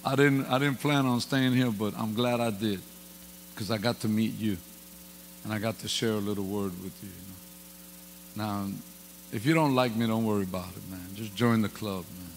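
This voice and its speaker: A man's voice: lowish voice, fairly even intonation, normal speed. A man preaches a loose, joking sermon, telling stories in folksy, casual speech. His voice carries a long reverb from the church hall. A faint electrical hum sits under the recording. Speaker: guest pastor. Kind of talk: informal sermon with humorous stories.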